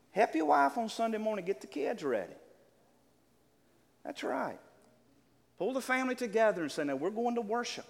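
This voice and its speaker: An older man preaching a sermon to a congregation, calling out amens and building to loud, exclaimed lines. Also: sits high, very animated, normal speed, gravelly, long pauses. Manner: preaching with call-and-response amens, building to shouts. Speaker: pastor. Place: church. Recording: church hall with long reverb.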